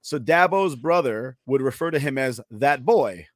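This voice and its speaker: Man, New York accent, co-host, friendly, slight stumbles, mid pitch. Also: animated, measured pace. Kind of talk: casual chat.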